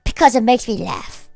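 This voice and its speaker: A woman livestreaming in casual chat, rambling with lots of fillers and breaking into high-pitched laughter. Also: vocal fry, darkish tone, dry recording. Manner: rambling, heavy use of "like".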